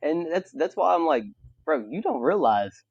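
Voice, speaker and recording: A young man from Mississippi with a Southern accent, hosting a casual podcast chat and talking in an animated, emphatic way with lots of "like" fillers. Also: on the high side, normal speed, husky, no echo. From Mississippi, USA. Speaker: podcast host. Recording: dull, dry podcast audio.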